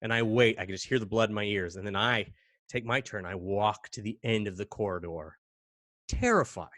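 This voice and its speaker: A man from Canada, a podcast guest, telling a spooky story in a casual, animated way and acting out bangs and gasps. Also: lowish voice, brisk, no echo, clean studio sound.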